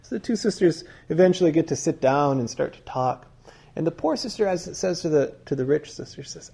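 A man teaching in a conversational sermon style, digressive, and pausing to quiz his listeners. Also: a little high, animated, creaky, warm tone, slightly rough.

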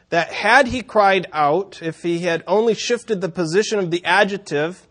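Guy giving a sermon, kinda higher voice, tells the story with dry little jokes. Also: fairly bright tone. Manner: storytelling with wry asides and chuckles. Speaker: preacher.

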